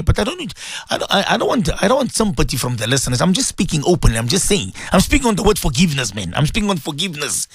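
A man's voice: on the high side, no room sound, clean studio sound. A man hosting a morning religious radio talk, preaching emphatically and throwing rhetorical questions at his listeners.

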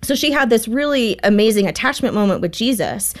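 A woman's voice: fairly high pitch, expressive, brisk. A woman author, a guest on a faith interview, telling a heartfelt story in a conversational way.

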